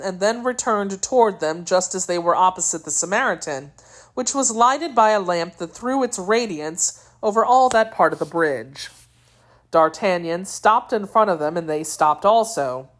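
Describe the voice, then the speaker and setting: A woman reading a classic novel aloud as an audiobook narrator, in a steady, clear reading manner. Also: lowish voice. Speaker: audiobook reader.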